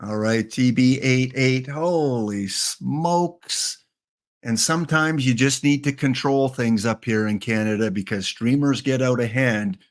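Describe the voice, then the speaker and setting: A man's voice: medium pitch, moderate pace, few pauses. A man streaming a baseball sim game, chatting casually, joking and thanking viewers as he plays. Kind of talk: casual live-stream chat while playing.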